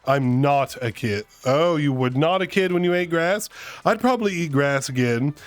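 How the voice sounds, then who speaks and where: A male streamer chats casually on a live stream, rambling and self-mocking. His voice sits a little high and sounds smooth and resonant. The sound is dry, with faint music underneath. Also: animated, normal speed, no room sound. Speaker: streamer host. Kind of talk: casual storytelling chat.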